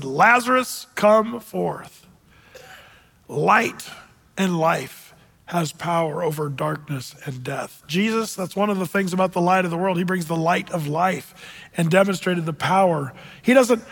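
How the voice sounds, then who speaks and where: A male pastor preaching a sermon in a church, telling stories dramatically and dropping from loud to hushed. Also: high-pitched, creaky. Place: church sanctuary with congregation. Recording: long reverb in a large hall.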